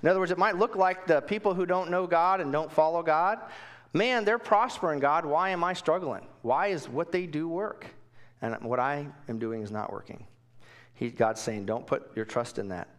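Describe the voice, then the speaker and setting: A man preaching a Bible lesson in a casual, conversational way, asking questions and swinging from quiet asides to emphatic bursts. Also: on the high side, moderate pace. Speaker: pastor. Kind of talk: Bible teaching sermon.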